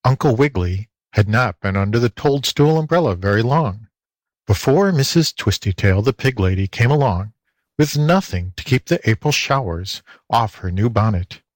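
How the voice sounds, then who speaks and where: A man reading a children's storybook aloud, expressive and lilting, into a close mic. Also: on the low side, normal speed, dry recording. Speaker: audiobook reader. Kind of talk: storybook narration.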